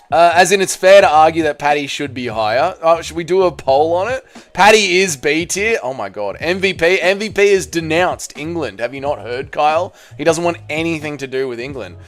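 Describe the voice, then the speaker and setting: A man's voice: a little high, animated, normal speed. A young man hosting a casual livestream, bantering with chat and dropping "mate" and "bro", over faint background music. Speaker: livestream host.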